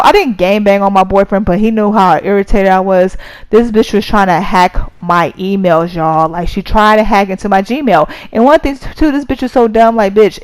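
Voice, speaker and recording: A young adult woman, telling a story to her viewers in a casual, profane, animated way. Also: medium pitch, dry recording, low-quality recording. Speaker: vlogger.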